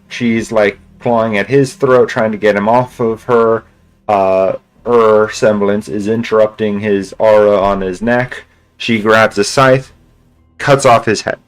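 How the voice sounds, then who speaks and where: A man's voice: lowish voice, poor audio. A male streamer casually retelling a story in a rambling way, full of restarts and filler words. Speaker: game streamer.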